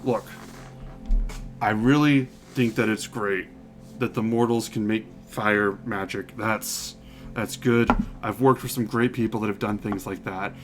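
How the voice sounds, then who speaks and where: A man's voice: fairly low pitch, steady tone, measured pace, music in the background, voice pushed down, close to an everyday voice. A man doing a rambling old forge god. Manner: rambling, stammering, loud bursts. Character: boisterous fatherly old male forge god.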